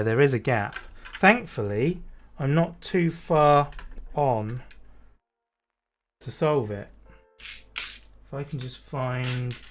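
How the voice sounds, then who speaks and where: Slow, muttering man streaming. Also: medium pitch. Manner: slow, muttering to himself, reading chat aloud. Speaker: livestreamer building a toy set. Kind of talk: casual livestream chat while building.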